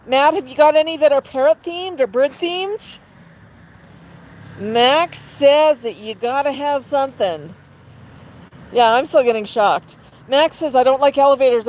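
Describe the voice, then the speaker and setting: On an outdoor patio, a livestream host chats casually with her parrot beside her, joking and laughing in a high, darkish voice. The recording is rough, with faint street traffic in the background.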